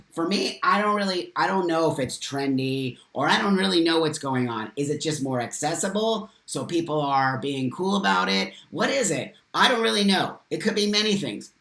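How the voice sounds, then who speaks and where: A man hosting a live stream reads viewer comments aloud and speaks passionately and emphatically, swearing freely. His voice is fairly high, pushed and bright, and the recording has a roomy echo.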